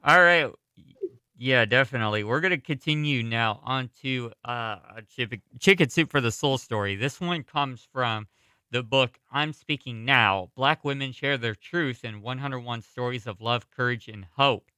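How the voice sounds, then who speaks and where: A man hosting a morning radio show, reading a story aloud at a steady pace and now and then correcting himself. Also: medium pitch, normal speed, clean tone, no room sound. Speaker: radio host. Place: college radio studio. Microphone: studio microphone.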